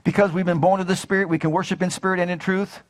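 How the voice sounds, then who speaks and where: A man's voice: high-pitched, little pitch movement, fast. A man preaching a sermon with fervor, repeating phrases and putting questions to his listeners. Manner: fervent, repeats phrases, asks the audience questions.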